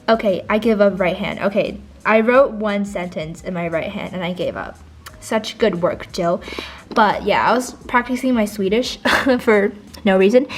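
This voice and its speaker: A teenage girl chats through a tour of her old school notebooks. She is playful and giggly, and she hams up the notes she reads aloud. Her voice sits at an ordinary pitch for a girl. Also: normal speed. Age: teens. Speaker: vlogger.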